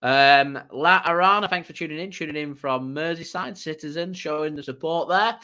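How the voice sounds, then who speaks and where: A man's voice: on the high side, normal speed, sharp tone, clear, resonant tone. A man hosting a fan channel's live match watchalong, chatting with viewers and giving play-by-play commentary. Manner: chatty, reads out viewer messages, laughs easily. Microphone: desk microphone.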